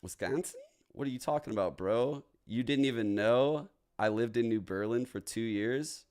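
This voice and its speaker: A man's voice: mid-range voice, moderate pace. A man from New Orleans chatting casually on a livestream, joking and swearing as he reacts. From New Orleans, United States. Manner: profane, joking, reacting out loud. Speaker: streamer hosting a watch party.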